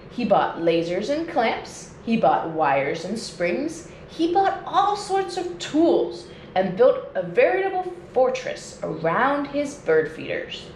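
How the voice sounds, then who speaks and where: A woman nature educator reads a children's picture book aloud, slowly and with lively swings in pitch. Her voice sits fairly high. The recording is echoey, with a faint hiss in the background. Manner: slow, expressive read-aloud. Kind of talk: storybook reading for children. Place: indoors at home. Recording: echoey room with faint noise.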